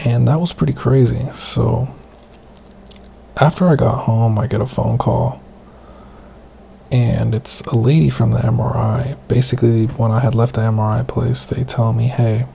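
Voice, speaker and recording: A man hosting a podcast, telling casual rambling stories in a loose, profane way, keeping his voice soft. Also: medium pitch, steady tone, normal speed, creaky, slight background noise. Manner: speaking softly, half-whispered. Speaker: podcast host. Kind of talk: casual storytelling monologue.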